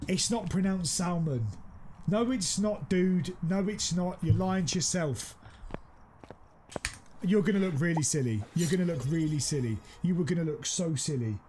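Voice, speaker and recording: A man streaming a game, chatting casually and teasing his viewers, quick to exclaim. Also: on the high side, a little hiss or hum. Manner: excitable, teasing, exclaims often. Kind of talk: casual live-stream chat.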